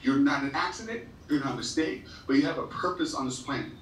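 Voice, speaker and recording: A man's voice: medium pitch, fast, distant mic, a little hiss or hum. Earnest man speaking in an echoey school hall. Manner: earnest, heartfelt, repeats and restarts when moved. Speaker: motivational speaker. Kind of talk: emotional storytelling speech to students. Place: large school hall or gym.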